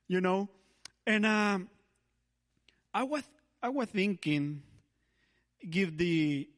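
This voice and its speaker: Guy giving a church sermon, kinda high voice, slow and halting, lots of restarts. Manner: halting, frequent restarts, laughs often. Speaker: guest preacher, Spanish church leader.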